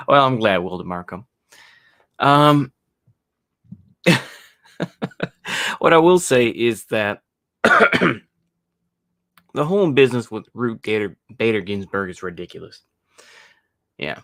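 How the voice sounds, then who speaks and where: A man's voice: mid-range voice, lively intonation, slow, pauses often, a bit bright, dry recording, studio quality. A man giving a casual opinion monologue as a podcast host, rambling with many fillers and restarts and sarcastic mocking asides.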